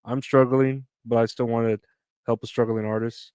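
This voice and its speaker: A man's voice: mid-range voice, flat delivery, moderate pace, darkish tone, clean tone, no room sound. A tired man rambles through a casual solo podcast, swearing freely and joking at his own expense. His voice sits in a middle register, recorded close and dry with no room sound. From United States. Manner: rambling, profane, self-mocking. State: tired, yawning. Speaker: podcast host.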